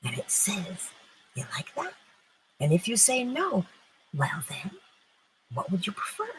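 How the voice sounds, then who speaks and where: A woman's voice: medium pitch, wildly swooping pitch, measured pace, a little hiss or hum, poor audio. A woman hosting a live-streamed morning inspiration talk. She mixes emphatic preaching with casual chat, answers viewers' comments and laughs often.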